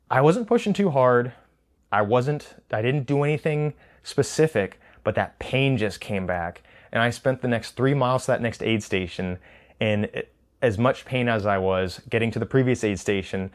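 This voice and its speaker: A man talks through his race in a loose, rambling way, tripping over his words and breaking into short laughs. His voice sits at an ordinary middle pitch, and the telling feels casual and unscripted, like a vlog recap. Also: animated, normal speed. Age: adult with children. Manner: rambling, self-correcting, laughs often. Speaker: trail runner recapping a race.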